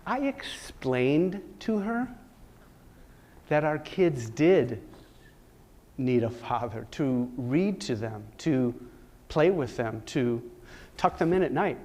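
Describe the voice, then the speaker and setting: A man's voice: medium pitch, big pitch swings, takes it slowly, pauses often, darkish tone. A man giving a talk at a conference, telling a personal story in a dramatic, joking way and acting out the conversations. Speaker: conference speaker. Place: conference stage.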